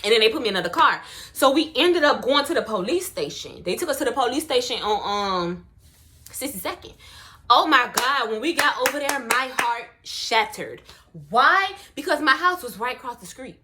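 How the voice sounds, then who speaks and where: Young woman, high bright voice, animated slangy storytelling, casual vlog. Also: normal speed. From Miami, US. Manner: animated, slangy, expressive retelling.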